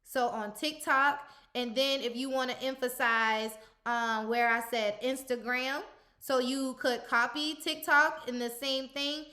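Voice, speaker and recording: A young woman with a high, bright voice talks through an editing tutorial one step at a time. Her delivery is loose and chatty, full of little "um"s and "uh"s as she clicks along, like a coach showing a friend. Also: fairly even intonation, measured pace. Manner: chatty, step-by-step instruction with frequent fillers. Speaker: content coach. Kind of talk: screen-recorded software tutorial.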